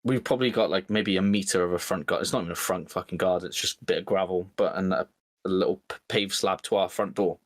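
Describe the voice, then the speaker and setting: A man's voice: low-pitched, fast talker, dry recording. Chatty man telling a story. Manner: animated storytelling, acts out both sides of an argument. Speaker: podcast co-host. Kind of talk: casual chat.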